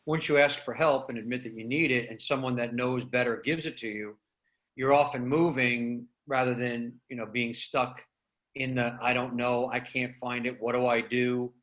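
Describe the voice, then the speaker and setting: A man's voice: mid-range voice, fairly even intonation, moderate pace, a bit bright, rough recording. A man with an ordinary mid-range voice chats in an easy, agreeable way. He backs up the others and encourages them as he talks. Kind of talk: casual roundtable chat.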